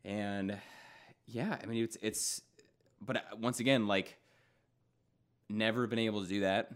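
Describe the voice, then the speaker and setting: A young man in casual podcast chat, rambling and restarting his sentences, now and then breaking into loud goofy bits. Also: fairly low pitch, fairly even intonation, a little slow. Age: young adult.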